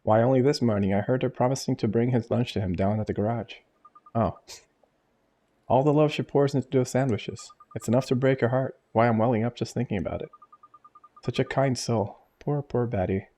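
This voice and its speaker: A man's voice: medium pitch, brisk, mellow, pitched above the performer's own voice, natural voice. A man voicing a fussy, kindly elderly woman neighbor who gossips chattily and sympathetically, reading game dialogue aloud. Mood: gossipy.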